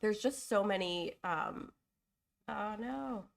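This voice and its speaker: Gravelly-voiced woman hosting a live design stream. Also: mid-range voice, takes it slowly. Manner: chatty, thinking aloud with fillers and self-corrections; openly emotional and apologetic. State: getting over a cold. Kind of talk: casual live design commentary.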